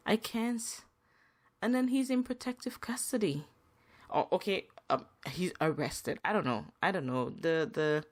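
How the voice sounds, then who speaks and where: A woman hosting a solo podcast, venting emphatically and repeating herself, her pitch rising when upset. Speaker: podcast host.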